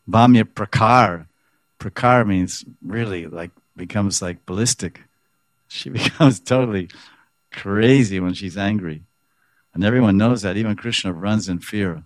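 A man's voice: low-pitched, no echo. A man giving a scripture class, reading a commentary aloud and explaining it, acting out the quoted speakers with animation. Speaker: spiritual teacher.

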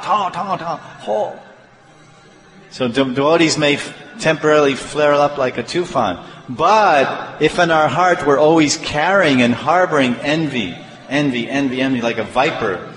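A man giving a devotional sermon as a spiritual teacher, animated and acting out the voices of others in his examples. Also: medium pitch. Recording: roomy hall with long reverb.

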